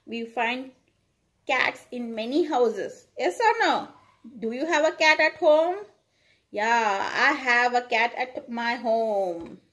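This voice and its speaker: Slow, bright-voiced Indian woman teacher. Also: on the high side, animated. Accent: Indian English. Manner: slow, sing-song, repeats words for children to echo. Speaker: pre-primary school teacher. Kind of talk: online lesson for small children.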